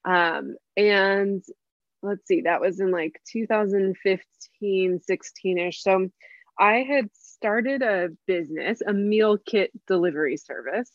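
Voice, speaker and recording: A woman's voice: lowish voice, no room sound, highs cut off. Candid, laughing woman chef from San Diego. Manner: candid, rambling, laughs often and swears. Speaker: guest chef. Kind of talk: casual conversational interview.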